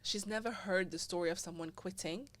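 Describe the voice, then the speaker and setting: A young woman, a podcast host being interviewed, chatting casually and acting out quoted lines with big jumps in pitch. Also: fairly quick. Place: living in Dubai.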